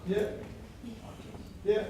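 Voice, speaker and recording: A man giving a lively conference keynote on coaching, chanting lines and acting out inner voices. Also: extremely slow, background noise. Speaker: keynote speaker. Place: large conference hall. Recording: echoey hall from far off.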